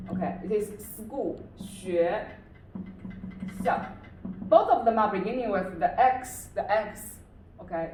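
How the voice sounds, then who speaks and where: Woman tutor, slow and patient, echoey room. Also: on the high side. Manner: patient, repeats words slowly and checks with "right?". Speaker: Chinese language tutor. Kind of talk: classroom lesson. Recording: roomy echo from far off with faint noise.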